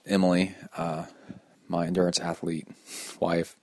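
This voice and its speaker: Rambling excitable male podcast host. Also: low voice, normal speed, no room sound, clean studio sound. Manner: rambling, excitable, laughs often. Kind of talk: casual podcast chat. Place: home room.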